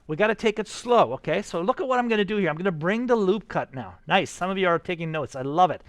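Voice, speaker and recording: A man's voice: high-pitched, lively intonation, normal speed, fairly bright tone, no echo. A man teaching a live class, upbeat and coaxing, talking his students through each step. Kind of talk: live classroom software tutorial.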